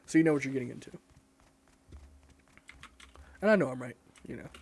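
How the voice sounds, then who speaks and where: A young man streams a game while chatting and rambling, swearing frequently and poking fun at himself. His medium-pitched voice is husky, creaky and somewhat dark, and he talks animatedly at a racing pace.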